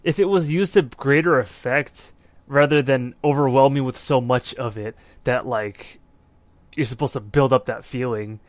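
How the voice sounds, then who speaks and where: A man with a voice of middling pitch, co-hosting a podcast and giving blunt, opinionated views in a relaxed tone. He is recorded dry and close. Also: normal speed, no room sound. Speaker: podcast co-host. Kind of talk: casual film discussion.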